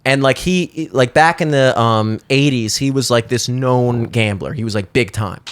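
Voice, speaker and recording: A man's voice: mid-range voice, normal speed, clean tone. A man with a Baltimore accent hosting a podcast, rambling and swearing casually with lots of restarts. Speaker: podcast host. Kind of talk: casual chat. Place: studio.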